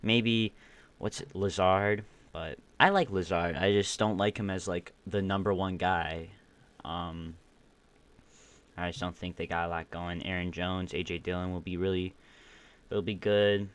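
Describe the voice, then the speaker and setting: Low, smooth and fairly even in intonation, a young man speaks at a measured pace while ranking football teams on his solo podcast stream. The commentary is casual, rambling and opinionated, with many restarts, and he comes across a bit groggy, burping at times.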